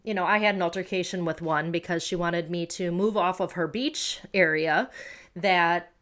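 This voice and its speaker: A woman's voice: lowish voice, normal speed, fairly bright tone. American woman, young adult, podcast host, casual storytelling, chatty, filler-heavy. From United States. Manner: chatty, rambling, many fillers.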